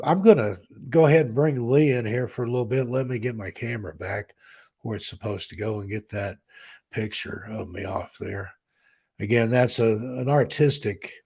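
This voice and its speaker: A man in his fifties from the American South, hosting a casual live stream, chatting warmly and reading out viewers' names. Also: lowish voice, breathy edge. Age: 50s. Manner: rambling, heartfelt, reads chat names aloud. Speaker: host.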